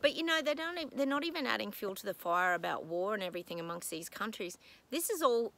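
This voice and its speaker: A woman's voice: mid-range voice, sing-song, fast talker, gravelly, fairly bright tone, rough recording. A woman psychic talking in a casual vlog from home, rambling and exasperated, breaking off with apologetic asides. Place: at home with her dogs.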